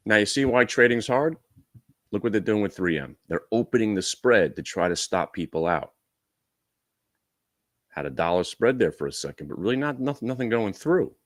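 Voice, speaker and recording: Man, low voice, dry recording, live trading commentary, direct and wry. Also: animated, dry recording. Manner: brisk and coaching, talks to viewers directly; wry asides. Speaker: day trading host.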